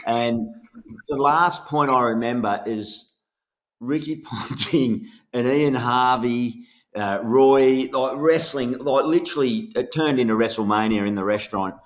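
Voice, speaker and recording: Aussie bloke hosting a podcast, laid back, telling old stories and laughing a lot. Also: male voice, medium pitch, measured pace. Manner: relaxed reminiscing, laughing often. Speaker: podcast host. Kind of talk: casual podcast chat.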